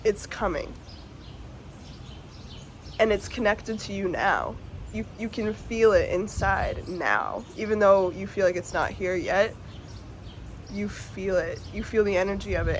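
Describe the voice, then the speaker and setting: Woman, tarot reader, casual and heartfelt, mild swearing, at times near tears, mid-pitched voice, faint background noise. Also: unhurried, pauses often. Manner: emotional, earnest and swearing casually. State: tearful at times. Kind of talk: casual tarot reading to viewers.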